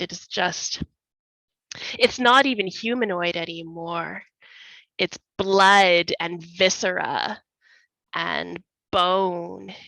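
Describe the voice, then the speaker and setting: A woman tells a dark tabletop game scene slowly and dramatically, lingering on vivid detail. Her voice is bright and forward. The recording is dry with a slightly dull, lo-fi sound. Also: on the low side, gravelly, no room sound. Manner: slow, vivid, dramatic storytelling. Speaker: player.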